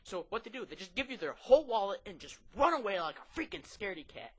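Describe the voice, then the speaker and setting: A man doing a stand-up comedy routine, rambling and excitable, with lots of fillers and restarts. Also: sits high, quick pace, slightly rough.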